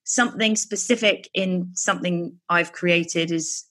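A woman in her thirties speaks as a guest in an interview. Her voice sits low, and she talks in a chatty, candid, self-deprecating way, swearing now and then. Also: steady tone, unhurried, a bit bright. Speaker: guest, writer and podcaster.

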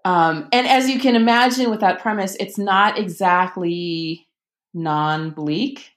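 A woman's voice: mid-range voice, slow. A woman author in a casual interview, chatting enthusiastically with frequent ums and restarts. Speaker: author and podcast guest.

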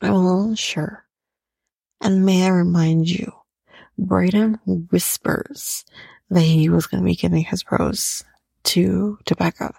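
A woman's voice: lowish voice, steady tone, a little slow, creaky, mellow, husky, no echo. A young woman hosting a podcast, recapping a reality show in a profane, opinionated rant. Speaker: podcast host.

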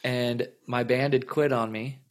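A man in his thirties tells a long story as a musician guest. His voice sits at an ordinary middle pitch. He rambles along, circling back with repeated words and plenty of fillers. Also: fairly even intonation, measured pace. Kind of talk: casual storytelling interview.

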